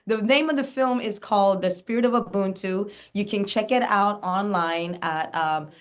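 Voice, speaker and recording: A woman guest, a documentary filmmaker, chatting casually and enthusiastically in an interview, with many fillers and run-on thoughts. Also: lowish voice.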